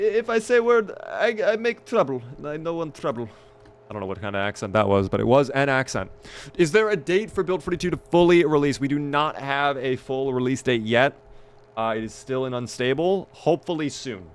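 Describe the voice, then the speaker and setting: Smooth-voiced man streaming a game. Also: mid-range voice, a bit bright. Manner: jokey, chatty, thanks viewers and reacts to chat. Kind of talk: casual gameplay live-stream commentary.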